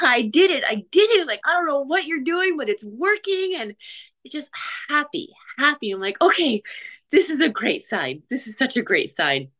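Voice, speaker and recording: A woman's voice: low-pitched, fairly bright tone. A woman in her forties telling her story in an interview, earnest and chatty, with frequent restarts and filler words. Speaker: interview guest, marathon runner.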